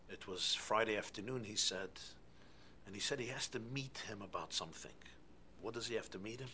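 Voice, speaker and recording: A male rabbi giving a sermon with stories, animated, swinging from near-whispers to loud exclamations. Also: lowish voice, a little hiss or hum. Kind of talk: sermon with storytelling.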